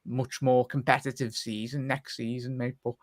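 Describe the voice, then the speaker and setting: A man's voice: mid-range voice, little pitch movement, moderate pace, dry recording. A man co-hosting a casual football chat, easygoing and saying mate a lot. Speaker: co-host.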